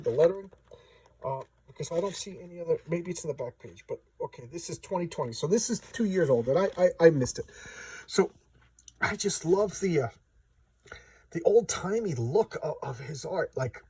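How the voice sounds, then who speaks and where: A man chats through a comic book in a casual, enthusiastic way, stumbling and repeating his words. His voice is husky and sits at an ordinary pitch. The recording is dry and picks him up from a little distance. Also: a little mellow, no echo.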